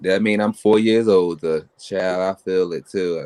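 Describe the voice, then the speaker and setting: Man, low voice, boastful animated storyteller, casual chat. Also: measured pace, no echo.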